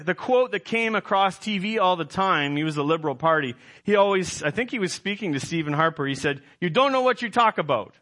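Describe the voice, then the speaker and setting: A man's voice: a little high, bright, forceful tone. A man preaching a sermon as pastor, emphatic, quizzing his congregation and correcting himself as he goes.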